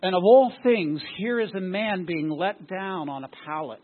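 A man's voice: sits high, moderate pace. A man preaching a sermon as pastor, often throwing rhetorical questions at his congregation. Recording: tinny phone-like sound.

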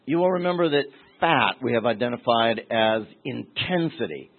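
A middle-aged man pastor preaching a teaching sermon, deliberate, with restarts and asides. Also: medium pitch, animated. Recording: tinny phone-like sermon recording.

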